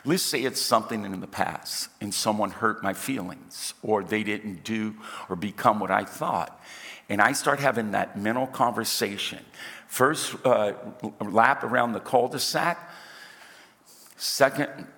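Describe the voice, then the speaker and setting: A middle-aged male pastor preaching to his congregation with a bright, forceful voice. He acts out the dialogue in his stories and jokes with the crowd. His voice rings out through the long reverb of a large church hall. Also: on the low side, measured pace. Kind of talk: sermon. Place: church auditorium.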